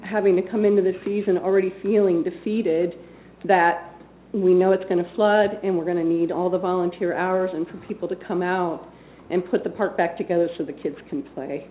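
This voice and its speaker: A woman's voice: lowish voice, a little hiss or hum. A woman giving public comment at a council meeting, earnest and emotional. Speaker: resident speaking at public comment. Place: city council chambers. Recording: tinny phone-like meeting feed.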